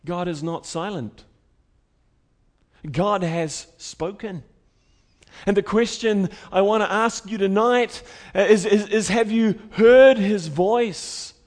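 A man preaching a sermon with emphasis, repeating key lines and swinging from loud declarations to hushed, soft phrases. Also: high-pitched, slow.

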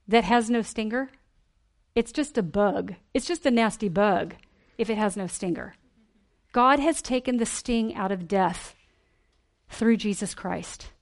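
Earnest woman preaching, slightly high voice. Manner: earnest, emphatic preaching with rhetorical questions. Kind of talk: sermon.

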